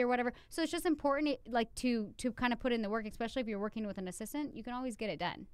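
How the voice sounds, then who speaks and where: A young woman speaks quickly in a smooth, clear voice, rambling through a casual chat about training stylists. Her speech is loose and full of "like". The recording is close and dry. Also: on the high side, no echo. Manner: quick, rambling, lots of fillers and restarts. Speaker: salon owner and stylist trainer.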